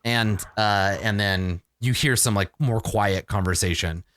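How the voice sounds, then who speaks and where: A man narrating as game master of a tabletop game, animated and quick to laugh. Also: on the low side, no room sound, clean studio sound. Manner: animated, laughing often, halting with restarts.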